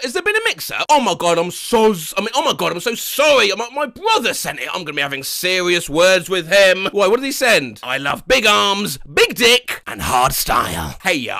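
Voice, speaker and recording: A man's voice: high-pitched, bright, forceful tone. A man reading out odd messages in a mock-dramatic comic style, jumping between silly voices. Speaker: comedy narrator reading out messages.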